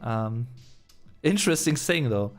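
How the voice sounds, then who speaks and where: German man, live-stream Q&A host, chatty and casual, mid-pitched, soft music in the background. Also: lively intonation, measured pace. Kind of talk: live-stream Q&A, reading out chat comments.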